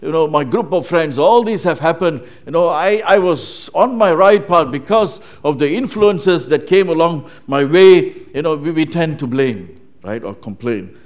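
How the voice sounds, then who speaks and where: A man with a fairly high, animated voice preaches at a moderate pace, barely pausing. His sermon is conversational, and he frequently checks in with listeners using tag questions.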